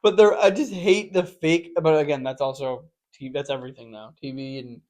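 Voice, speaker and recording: A young man in casual podcast chat with a somewhat high voice. He rambles through stories full of fillers and restarts. When he quotes people, he bursts into loud, lively impressions. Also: a little fast. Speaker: podcast co-host.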